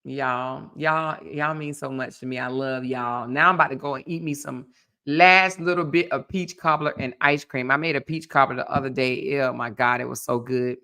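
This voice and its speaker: Woman, livestream host, chatty, laughing, crisp bright voice. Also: very deep voice, steady tone, moderate pace. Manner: laughing, chatty, talks to viewers. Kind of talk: casual livestream chat with viewers.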